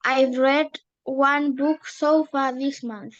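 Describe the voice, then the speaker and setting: A woman's voice: high voice, fairly even intonation, slow pace, a bit bright, highs cut off. A woman studying English, answering drill questions in careful full sentences. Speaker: English student.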